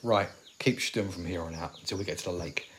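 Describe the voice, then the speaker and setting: A man's voice: low-pitched, a little fast, fairly bright tone, slight background noise. A man in his forties acting a weary, sardonic survivor of a zombie apocalypse in an audio drama, talking in dry, rambling asides. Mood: wry. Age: 40s.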